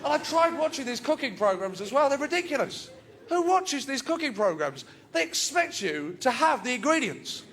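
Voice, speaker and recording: A man's voice: very high voice, big pitch swings, normal speed. A stand-up comedian with a nasal voice, performing his routine on a club stage. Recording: live club recording, loud crowd laughter and noise.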